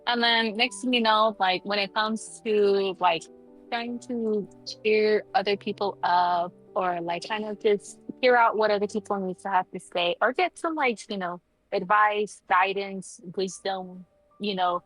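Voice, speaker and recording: Female stream guest, mid-pitched, rambling and foul-mouthed. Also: a little slow, a bit bright, soft background music, low-quality recording. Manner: rambling, heavy filler words, swears casually. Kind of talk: casual livestream chat.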